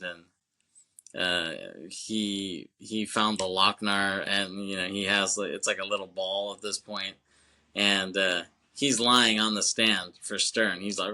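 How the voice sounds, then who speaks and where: This podcast co-host, a man with a fairly low, bright voice and a forceful tone, talks about films in a loose, rambling way. His speech is casual, full of filler phrases, swearing, and repeated "you know what I'm saying."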